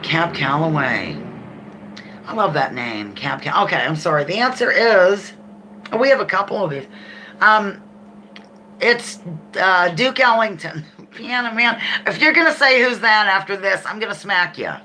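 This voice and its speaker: A middle-aged woman hosting a live trivia game, reading questions slowly and chatting and laughing with viewers. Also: mid-range voice, animated, pushed and bright, slight background noise.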